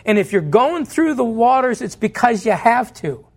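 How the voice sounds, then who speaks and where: A pastor preaching a sermon in church, earnest and direct, posing questions to the congregation and answering them himself. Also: male voice, very high-pitched, very animated, normal speed, a little mellow.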